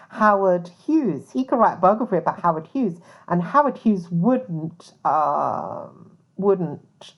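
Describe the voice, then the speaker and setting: A woman who works as a private investigator talks casually to the camera, rambling along with plenty of fillers and asides. Her voice is mid-range, and the audio quality is poor.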